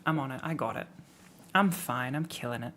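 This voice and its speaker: Here the same kind of casual stream chat comes a bit fast: a young adult from the Midlands, England, with an English accent, reacting to tips, rambling, mocking himself and laughing often. His medium-pitched voice has a somewhat bright quality.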